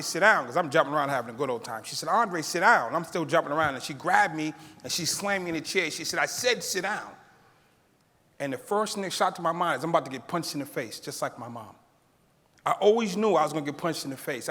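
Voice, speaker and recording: A middle-aged keynote speaker tells an audience his life story, animated, acting out the quoted voices of people in it and laughing now and then. His voice sits a little high, and the sound carries a large hall's long echo.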